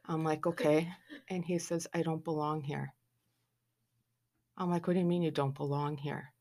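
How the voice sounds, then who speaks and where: With a low voice at a moderate pace, a woman animatedly recounts a family tale as a mother. She performs the quoted dialogue and slips in sarcastic remarks, keeping it all casual.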